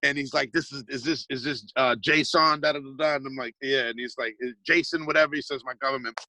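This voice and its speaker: A man's voice: mid-range voice, fairly even intonation, fast, bright, forceful tone, dry recording, poor audio. A man telling a long street story in casual chat, swearing freely and restarting his sentences often. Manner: profane, rambling, restarts a lot. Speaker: hip-hop artist guest.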